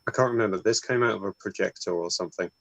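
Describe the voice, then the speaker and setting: Low man on a video call, dry sound, hesitant explainer. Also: rapid-fire, vocal fry, a bit bright, no echo, poor audio. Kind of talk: casual video-call chat.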